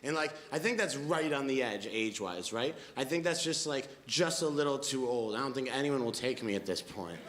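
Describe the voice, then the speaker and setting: A man in his late twenties telling a stand-up set, animated storytelling with mumbled asides. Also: medium pitch, brisk, few pauses, roomy sound. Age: late 20s. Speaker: stand-up comedian. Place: comedy club stage before a laughing audience.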